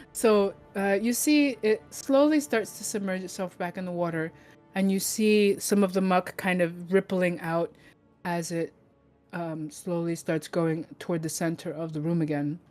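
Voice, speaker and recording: A young woman narrating as game master, casual and halting with many fillers. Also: fairly low pitch, steady tone, a little mellow, soft background music.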